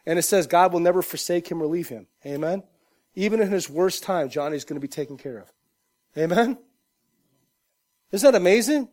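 A pastor preaching a conversational sermon in church, often checking in with "Amen?". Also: male voice, high voice, lively intonation, normal speed, pauses often. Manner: emphatic, conversational preaching with frequent 'Amen?' asides; acts out loud shouted voices for humor.

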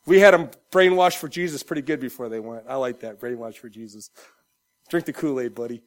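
A young adult male pastor preaching a sermon, animated, swinging from loud, shouted lines to quiet, joking asides. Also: medium pitch, brisk.

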